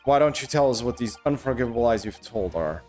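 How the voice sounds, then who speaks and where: Game read: man voicing an earnest young lawyer, soft-spoken, animated intonation. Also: mid-range voice, fast, close to an everyday voice.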